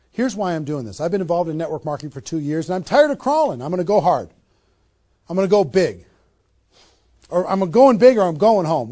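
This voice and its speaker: A man with a high-pitched voice leads a motivational sales seminar. He talks with punchy emphasis and fires off rhetorical questions to a small live audience. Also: mellow. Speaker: network marketing trainer.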